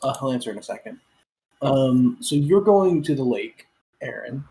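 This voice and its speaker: Casual game master with filler-heavy narration. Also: female voice, a bass voice, animated, normal speed, warm tone, low-quality recording.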